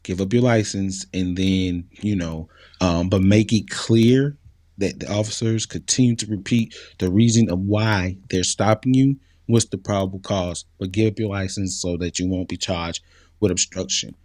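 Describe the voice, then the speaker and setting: A man speaks in an interview, casual and earnest, often pausing on fillers. His voice sits low. The sound is dry and close. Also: darkish tone, dry recording. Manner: earnest, conversational, many fillers. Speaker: interview guest.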